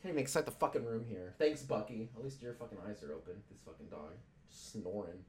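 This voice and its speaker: A man's voice: on the low side, a little fast, noisy background. A young man chatting loosely on a stream, swearing often and rambling between jokes. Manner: profane, loose and joking, with many fillers. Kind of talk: casual rambling chat.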